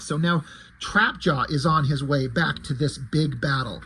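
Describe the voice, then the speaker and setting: A man talks through his comic story panel by panel, in a casual, conversational way with fillers. His voice is slightly high and husky. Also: a little slow, bright, forceful tone.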